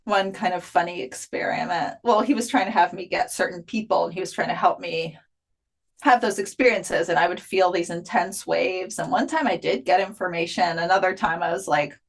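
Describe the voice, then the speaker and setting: A woman's voice: lowish voice, moderate pace, vocal fry. A woman being interviewed as an afterlife researcher, telling her experiences in a chatty way with many fillers. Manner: chatty, frequent filler "like", animated retelling. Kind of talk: casual interview storytelling.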